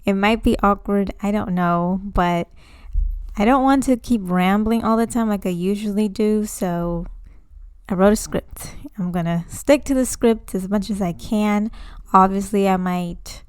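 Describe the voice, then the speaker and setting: A woman's voice: mid-range voice, measured pace, clean tone, no room sound, clean studio sound. Chatty nervous young woman podcaster. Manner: chatty, nervous and excited, many fillers. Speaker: podcast host. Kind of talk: casual solo podcast. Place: home room, indoors. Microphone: home microphone.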